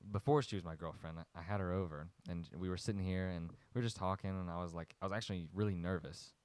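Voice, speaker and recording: A man co-hosting a podcast, telling a story in relaxed casual chat. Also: deep voice, quick pace, clear, resonant tone, no room sound. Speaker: podcast co-host.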